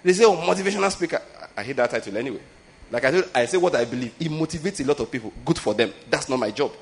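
A man's voice: mid-range voice, animated, racing, a little hiss or hum. A middle-aged man with a Nigerian accent, preaching in a conversational teaching style and often checking that listeners follow him. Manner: conversational teaching, often asks if listeners get his point. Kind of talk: sermon.

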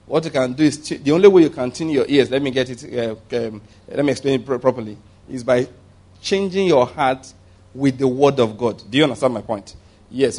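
A man preaching a sermon in a humorous, conversational way. He chuckles at his own jokes and jumps up in pitch to stress a point. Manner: animated, jumping up in pitch for emphasis.

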